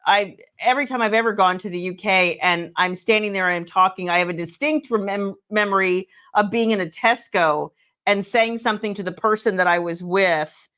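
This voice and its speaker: A woman's voice: mid-range voice, moderate pace, fairly bright tone. An American woman co-hosting a casual livestream, chatty, laughing often and reading viewer comments aloud. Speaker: livestream co-host.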